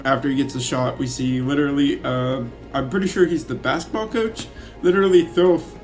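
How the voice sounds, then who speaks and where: A man's voice: mid-range voice, steady tone, normal speed, a little mellow, faint music behind. A man casually recapping a movie he loves, rambling with many fillers and swearing freely. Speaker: YouTuber reviewing a movie.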